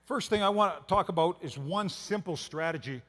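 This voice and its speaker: A man from Canada gives a motivational talk to an audience in a folksy, storytelling way. His voice sits a little high for a man. Long reverb from the large hall trails after his words. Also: a little fast, a bit bright. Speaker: motivational speaker.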